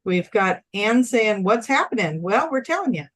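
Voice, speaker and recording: A cheerful woman co-hosting a relaxed livestream at a moderate, middle pitch. She chats brightly and keeps things friendly as she reads viewer comments aloud. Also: moderate pace. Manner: upbeat, chatty, reading viewer comments aloud. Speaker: co-host. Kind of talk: casual livestream chat.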